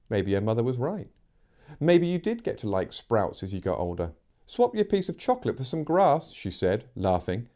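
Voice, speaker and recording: Male narrator, mellow, lively storybook reading. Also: medium pitch. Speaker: narrator reading book extracts.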